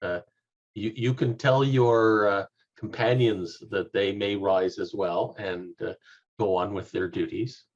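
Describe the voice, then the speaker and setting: Husky low-voiced man on a dull mic. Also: fairly even intonation, unhurried. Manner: joking, hesitant. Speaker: player. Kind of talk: casual tabletop play.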